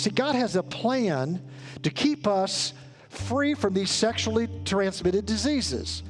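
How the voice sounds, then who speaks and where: A man's voice: high voice, very animated, moderate pace, faint music behind. A man preaching a sermon as a pastor in church, telling a story earnestly and building to emphatic peaks. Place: church sanctuary.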